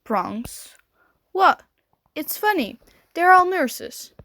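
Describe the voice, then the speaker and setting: A woman's voice: very high voice, sing-song, drawn-out words, sharp tone, no room sound, pitched above the performer's own voice, exaggerated voice. A woman reading a fan audiobook, voicing a cheeky young man joking by text with a friend. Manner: joking, offhand. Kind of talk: amateur fanfiction audiobook.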